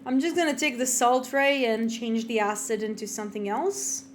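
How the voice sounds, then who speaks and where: A young adult woman streamer giving live let's play commentary, rambling and animated with lots of fillers and restarts. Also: on the high side, moderate pace, a little hiss or hum.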